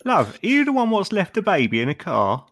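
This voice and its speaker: Brief: man doing a gravelly, gossipy English regular with a rough dialect. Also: high voice, wildly swooping pitch, brisk, fairly bright tone, no room sound, studio quality, voice pushed up, exaggerated voice. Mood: scandalized. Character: blunt male English pub-type customer.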